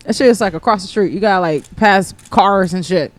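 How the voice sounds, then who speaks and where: A woman chatting as a podcast guest, telling stories in an animated, profane way. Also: medium pitch, fairly quick, dry recording. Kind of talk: casual chat.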